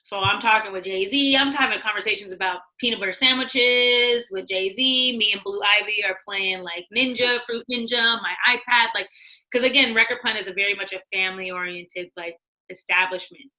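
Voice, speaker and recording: A woman with a bright, crisp voice tells a story in an easy, chatty way. She slips into other people's voices as she quotes them and laughs now and then. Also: medium pitch, normal speed, poor audio. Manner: animated, acts out quotes, laughs often. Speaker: guest, former studio executive. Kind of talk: casual storytelling.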